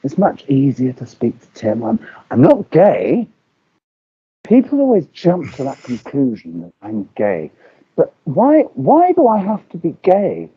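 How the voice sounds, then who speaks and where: A man voicing a soft-spoken, gentle young man who sounds defensive. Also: a little high, huge pitch swings, a little slow, breathy edge, muffled recording, full character voice.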